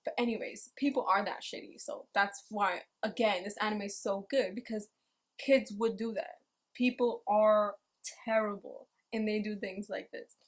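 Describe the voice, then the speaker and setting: A woman's voice: medium pitch, normal speed. A woman casually recapping an anime episode, swearing freely and acting out the lines as she tells it. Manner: profane, animated storytelling with acted quotes. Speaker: anime reviewer.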